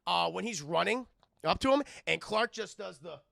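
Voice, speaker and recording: Lively high-voiced male streamer. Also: normal speed, vocal fry, dry recording, clean studio sound. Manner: animated, profane, laughs often, acts out characters. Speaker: film reviewer and streamer. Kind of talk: casual spoiler review with live chat.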